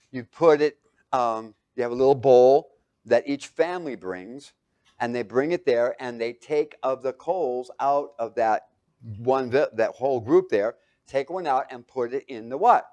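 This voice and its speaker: Guy preaching a bible lesson, keeps asking the room to finish his sentences, loud then quiet. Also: mid-range voice. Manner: asks the audience fill-in questions; animated, swings between loud and hushed. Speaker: bible teacher. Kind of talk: sermon.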